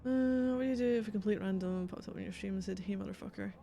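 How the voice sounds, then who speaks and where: Woman game streamer, blunt, profane, chatty, mid-pitched voice. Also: fast talker, dark tone. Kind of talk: casual livestream commentary.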